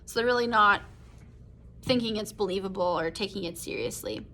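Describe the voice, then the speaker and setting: A woman's voice: mid-range voice, a little fast, sharp tone. A young woman teacher walking a class through a short story in a chatty, casual way, full of "like" and "right?". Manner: chatty, explains with lots of "like" and "right?". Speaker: English teacher. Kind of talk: casual recorded class lesson.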